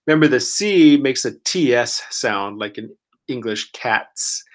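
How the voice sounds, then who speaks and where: A male language teacher with a mid-range voice who speaks slowly and deliberately. He praises each attempt warmly and drags out every word he demonstrates. He sounds sick and keeps clearing his throat. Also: medium pitch, lively intonation. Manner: encouraging, praises often, models words very slowly. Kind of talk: one-on-one pronunciation lesson.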